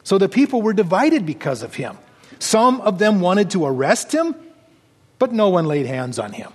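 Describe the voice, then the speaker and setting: High-pitched guy preaching, reading bible verses, big echoey hall. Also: sing-song, moderate pace, breathy edge. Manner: earnest preaching, reading scripture aloud. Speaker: pastor. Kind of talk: sermon.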